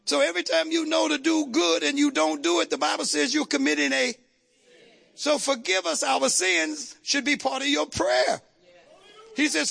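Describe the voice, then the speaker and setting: A male pastor preaching a fervent sermon, shouting at times and calling on the congregation to respond. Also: very high voice, fairly even intonation, moderate pace, creaky.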